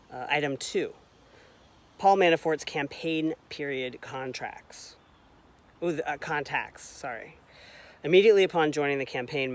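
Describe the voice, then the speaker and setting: A man reading a long report aloud in a casual way, reading out the footnote numbers, correcting his own slips and adding wry asides. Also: mid-range voice. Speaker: reader of a report.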